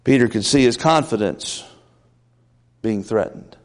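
A man preaching a conversational sermon in a folksy way, building up to loud, emphatic peaks. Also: mid-range voice, a little slow, big-room sound.

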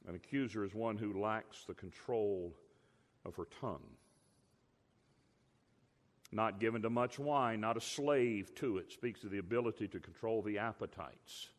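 A middle-aged man preaching a sermon, telling stories with emphatic swings between loud and quiet. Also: on the low side, unhurried. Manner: animated storytelling, emphatic swings in loudness. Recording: long reverb of a large hall.

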